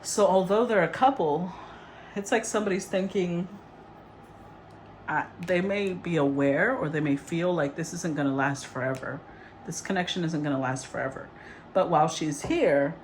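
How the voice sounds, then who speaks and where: A woman giving a casual, rambling tarot reading, chatty and quick to laugh. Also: fairly low pitch, expressive, slight background noise. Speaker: tarot reader.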